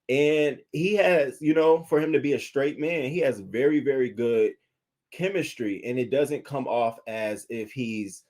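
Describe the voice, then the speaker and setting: Man, reality TV reviewer, casual commentary, animated, cursing, mid-pitched voice, reads out chat comments. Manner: animated, profane, talks back to viewers' comments; acts out quoted lines in a higher, louder voice.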